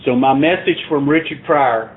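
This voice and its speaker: A man's voice: medium pitch, moderate pace. Earnest man speaking at a recovery meeting. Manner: earnest, plainspoken, builds to emphatic points. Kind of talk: personal recovery talk. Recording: tinny phone-like sound.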